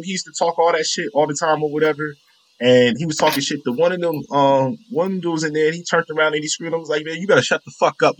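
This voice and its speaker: A man telling profane, animated stories in a casual chat. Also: a little high, a little hiss or hum, low-quality recording.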